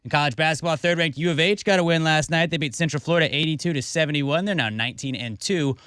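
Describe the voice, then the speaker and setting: A man, reading a brisk sports update on radio. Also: fairly high pitch, a bit bright, clear, resonant tone, no room sound, studio quality. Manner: brisk, reads scores. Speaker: sports reporter. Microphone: studio microphone.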